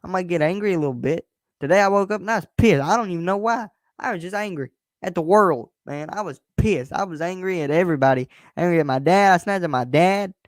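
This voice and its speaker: A man's voice: high voice, fast talker, no echo, clean studio sound. A young man hosting his own show, talking in a blunt, emphatic way, swearing freely and often restarting his words. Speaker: host. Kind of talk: casual personal monologue.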